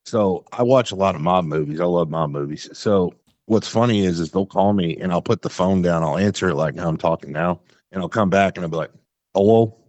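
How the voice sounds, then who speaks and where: A man with a very deep, low voice spins profane, animated stories as a podcast guest. His delivery is loose and chatty. The sound is dry and close on a podcast mic. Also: fairly quick, no room sound. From Texas. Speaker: podcast guest, construction business owner. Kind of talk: casual storytelling chat.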